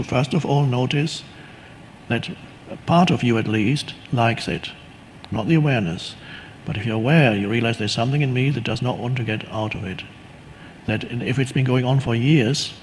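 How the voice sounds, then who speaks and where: A man giving a calm, unhurried spiritual teaching talk, reflective and often restarting his sentences. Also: medium pitch, a little hiss or hum, rough recording.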